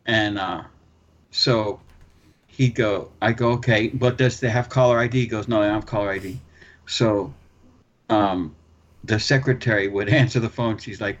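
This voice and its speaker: A man's voice: on the low side, steady tone, normal speed. A man co-hosting a casual podcast, rambling through an anecdote with plenty of swearing and chuckling. His sound is dull and lo-fi. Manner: rambling storyteller, swears a lot, laughs mid-sentence. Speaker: podcast co-host. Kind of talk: casual chat.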